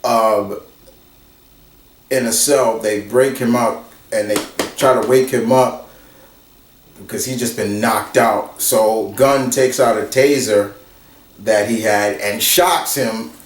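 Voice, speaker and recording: A man casually retelling a story off the cuff, rambling with restarts and quick laughs. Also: on the low side, a little hiss or hum. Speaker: channel host retelling a fan story. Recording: roomy, from a distance.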